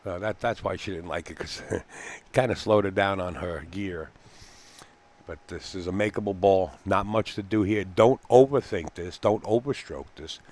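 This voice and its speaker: A man's voice: low-pitched, moderate pace, darkish tone. A man giving live commentary on a pool match, chatty and folksy, with frequent fillers and easy laughter. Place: pool hall commentary booth.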